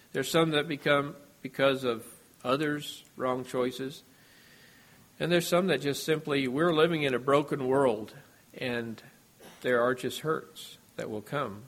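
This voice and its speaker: A male preacher delivering a sermon at a middle pitch. He speaks in a measured, earnest way, letting his voice fall quietly at the end of each thought. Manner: measured and earnest, voice dropping at phrase ends.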